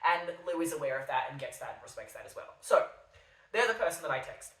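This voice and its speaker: A woman's voice: low voice, big pitch swings, fast, a bit bright, recorded from a distance. A young woman hosting a solo monologue podcast, talking in a sardonic, darkly self-mocking way. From Australia. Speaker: podcast host. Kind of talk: solo monologue podcast addressed to an absent listener. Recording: roomy sound from off the mic.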